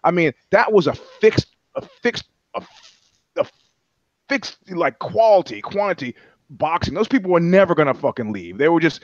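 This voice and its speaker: A man's voice: on the high side, big pitch swings, normal speed, no room sound. Man, podcast co-host, casual chat, rambling and sardonic, swears a lot, dry slightly muffled sound.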